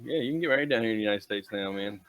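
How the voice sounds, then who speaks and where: A man's voice: lowish voice, very fast. Teasing man on a game call. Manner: teasing, loud joker. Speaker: player. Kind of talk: casual pre-game chat.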